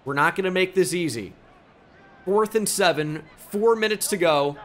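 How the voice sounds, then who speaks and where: A man's voice: high-pitched, normal speed. A young man commentating his own video game as a gaming YouTuber, switching between mock play-by-play and frustrated outbursts.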